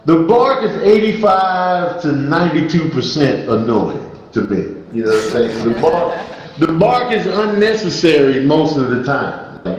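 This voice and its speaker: A man's voice: a little high, heavy reverb, lo-fi sound. A man doing a stand-up comedy set, telling jokes in a laid-back, storytelling way that often trails off with "man". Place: virtual reality comedy stage.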